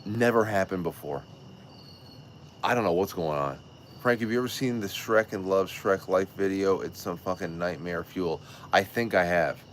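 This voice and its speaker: A man with a very low voice hosts a casual livestream. He tells a rambling, excitable story full of restarts and cursing, and faint background hiss sits under him. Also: normal speed. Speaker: show host.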